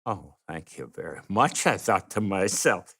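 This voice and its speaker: Slow-talking older man recalling stories. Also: deep voice, lively intonation, a bit bright, husky. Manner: slow, anecdotal, acts out quoted voices. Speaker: interviewee. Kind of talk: oral history storytelling.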